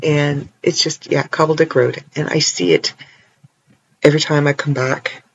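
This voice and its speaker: A Canadian man rambles on his own in a playful, giggly vlog chat. His voice sits a little high and sounds husky. The recording is slightly dull and lo-fi. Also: little pitch movement, moderate pace. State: tired, stretching sore legs. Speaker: vlogger. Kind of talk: casual solo chat. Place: indoors, alone at night.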